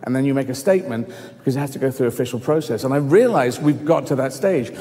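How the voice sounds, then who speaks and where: A middle-aged man telling personal stories in an animated way, swearing freely and acting out voices. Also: mid-range voice, fast talker. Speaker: guest. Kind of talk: storytelling in conversation. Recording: echoey hall reverb.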